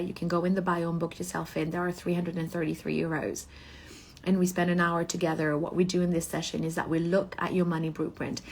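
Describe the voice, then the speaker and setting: A woman coaching business owners in a motivational talk, pressing her points with rhetorical questions and a habitual "okay?". Her voice is somewhat low and husky, with a breathy edge. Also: a little mellow.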